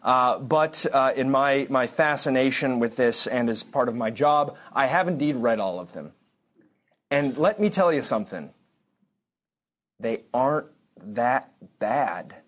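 A man teaching a church history class in an easy, conversational way. He wanders off on tangents, restarts his sentences and drops dry asides, and his voice sits at an ordinary, middle pitch. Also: expressive, moderate pace, a bit bright. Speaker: lecturer.

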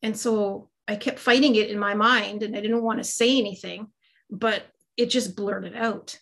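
A woman's voice: medium pitch, steady tone, normal speed, creaky, fairly bright tone. A middle-aged woman, a guest on an interview, chatting about her life in a casual, self-deprecating way with lots of fillers. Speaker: guest, psychic medium and Reiki master.

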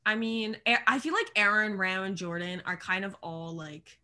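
A young woman talks in loose, rambling podcast chat, dropping fillers and laughing easily. Her tone is bright and forward while her pitch sits in the middle range. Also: moderate pace. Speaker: podcast co-host. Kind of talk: casual chat.

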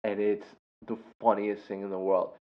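A young man casually telling a funny story about a first grader, laughing often and breaking into loud impressions. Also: fairly low pitch, little pitch movement, moderate pace. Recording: dull lo-fi sound.

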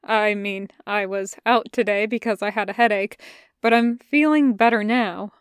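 A woman voicing a shy, nervous teenage boy who stammers and rushes his words on a phone call. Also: medium pitch, steady tone, clean tone, no room sound, clean studio sound, close to an everyday voice.

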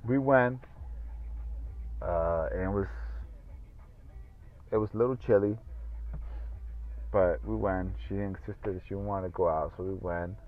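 Man, podcast host, low voice, rambling swearing monologue, tinny phone-like sound. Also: a little slow, long pauses. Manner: rambling, profane, full of fillers. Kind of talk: casual solo podcast monologue.

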